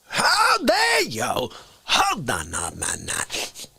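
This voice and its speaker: An indignant loudmouth , as a man puts him on, hurls outraged questions in a high, swooping shout. Then he drops into hissed whispers. His voice is gravelly and husky, and it sounds dry and close. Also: huge pitch swings, unhurried, full character voice. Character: indignant loudmouth man scolding chat viewers. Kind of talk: improvised comic rant.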